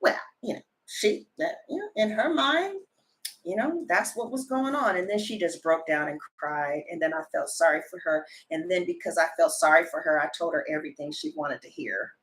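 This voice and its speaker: A woman tarot reader telling a story to her viewers in a chatty, animated way, full of fillers and sudden loud high exclamations. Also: moderate pace. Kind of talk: casual storytelling chat to live viewers.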